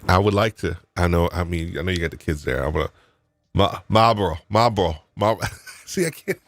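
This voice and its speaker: A man from New York talks in a very low, deep voice on a live podcast. He rambles in an animated way and keeps restarting his sentences. The sound is dry and close. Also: a little fast, dry recording, soft background music. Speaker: podcast co-host. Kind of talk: casual live podcast chat.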